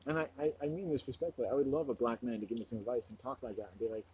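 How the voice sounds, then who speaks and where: A man rambling through a self-mocking comedic monologue alone in a forest. His pitch sits in the middle range, and a faint hiss of outdoor noise is behind him. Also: fairly even intonation, very fast, few pauses, warm tone, poor audio. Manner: rambling, self-mocking, laughing between thoughts.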